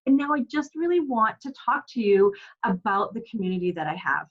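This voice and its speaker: A woman's voice: on the high side, big pitch swings, fairly quick. Encouraging woman coach, slightly dull audio. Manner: earnest, encouraging, asks rhetorical questions. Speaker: parenting coach. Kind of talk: direct-to-camera parenting advice.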